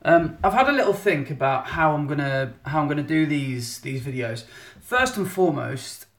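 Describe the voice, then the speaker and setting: An English man with a fairly high, animated voice chats casually at normal speed during a photographer's monthly live update. He rambles a little and interrupts himself, streaming from a phone held at arm's length in an echoey room at home.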